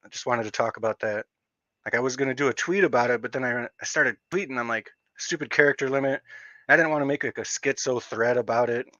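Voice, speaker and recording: Bright-voiced streamer man with a slight stutter. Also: mid-range voice, quick pace, dry recording, dull audio. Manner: rambling, with frequent fillers and restarts. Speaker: livestream host. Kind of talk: casual livestream rant.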